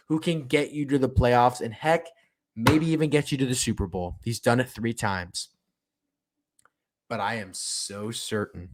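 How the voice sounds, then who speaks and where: A young man hosting a solo sports podcast, talking in an emphatic, fired-up way and hammering the same points again and again. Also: medium pitch. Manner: fired-up, emphatic, repeats himself. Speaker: podcast host.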